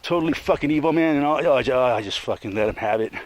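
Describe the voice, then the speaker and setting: A man's voice: mid-range voice, fast talker, slight background noise. A man ranting angrily in a rambling, profane monologue, ending many sentences with "man.". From Colorado. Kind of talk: casual monologue rant.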